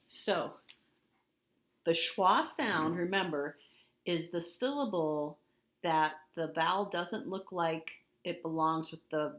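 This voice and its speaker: A woman teacher giving a recorded spelling lesson, patiently repeating words and spelling them out letter by letter. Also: deep voice.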